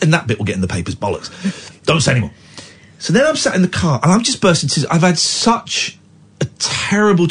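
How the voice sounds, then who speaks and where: A man hosting a radio show talks through a rough night with raw, animated feeling. His voice is husky and swings widely in pitch as he piles up restarts and repeats himself. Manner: emotional, animated retelling with restarts. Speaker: radio host. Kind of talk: candid storytelling chat.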